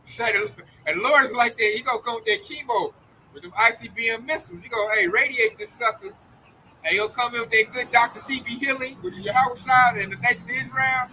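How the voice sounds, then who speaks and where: A man's voice: extremely high pitch, fairly quick, pushed and bright, slight background noise, low-quality recording. A man preaching an informal sermon in a fervent, slangy, emphatic way. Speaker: street preacher.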